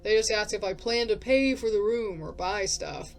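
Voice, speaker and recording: A man's voice: high-pitched, normal speed, soft background music. A woman voicing a casual, laid-back male drifter with a slangy, easygoing way of talking.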